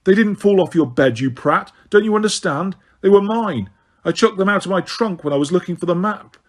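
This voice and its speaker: A man's voice: high-pitched, lively intonation, a little fast, pitched above the performer's own voice. A man voicing a sensible but exasperated teenage wizard boy in a storybook, asking impatient, incredulous questions.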